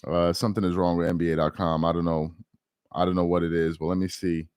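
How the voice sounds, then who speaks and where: A man's voice: deep voice, flat delivery, fast, darkish tone, smooth, dry recording, studio quality. Agitated man hosting a live stream. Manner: agitated, repeats himself, mutters while searching. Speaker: livestream host. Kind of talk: casual live stream chat.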